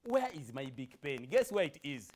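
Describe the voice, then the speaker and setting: A man's voice: medium pitch, sing-song, normal speed, darkish tone, slight background noise, lightly acted. A man reciting a poem in the voice of an imprisoned father, asking plaintively over and over for his pen. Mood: searching. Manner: plaintive, repetitive searching questions. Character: worried imprisoned father longing to write home.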